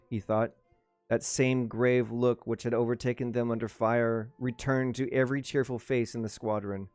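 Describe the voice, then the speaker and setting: A man's voice: medium pitch, a little mellow, no echo. A man reading a novel aloud on a livestream, with casual asides and small restarts. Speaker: livestream book reader.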